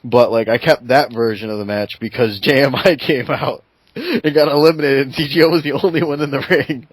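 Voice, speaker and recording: A man hosting a casual podcast chat, excitable and laughing, often restarting his sentences. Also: medium pitch, fairly quick, slightly rough, no echo, poor audio. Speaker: show host.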